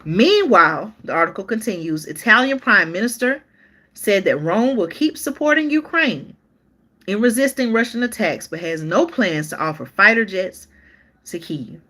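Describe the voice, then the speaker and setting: A woman's voice: mid-range voice, expressive, normal speed, sharp tone. A woman hosting a live-stream news show, reading articles aloud in a chatty way and talking straight to her viewers, often stopping to restart or look things up.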